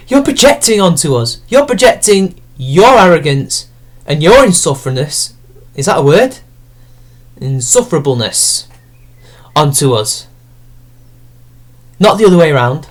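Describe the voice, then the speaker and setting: A man's voice: fairly high pitch, sing-song, moderate pace. A man giving a sarcastic, profane rant as an online commentator picking apart an article.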